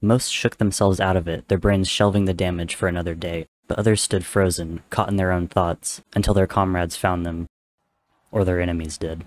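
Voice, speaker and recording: A man narrating a dramatic story in a steady, measured reading. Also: low voice, a little hiss or hum.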